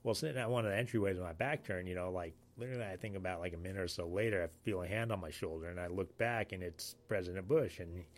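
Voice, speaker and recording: A man from Alaska, a Navy sailor, telling a story in casual talk, halting and full of fillers. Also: sits low, slight background noise. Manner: rambling, halting, many fillers. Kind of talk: casual spoken anecdote.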